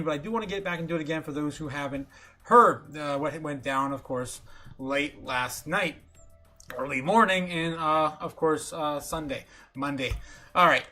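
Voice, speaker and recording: Bright-voiced excitable male streamer. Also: a little high. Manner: excitable, chuckling, heavy on fillers. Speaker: livestream host. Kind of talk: casual livestream commentary.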